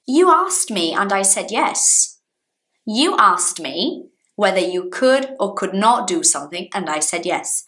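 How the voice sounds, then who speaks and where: A woman with a Brazilian Portuguese accent, a native Portuguese speaker, teaching an English lesson in a casual, animated way and acting out example sentences. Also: mid-range voice, unhurried.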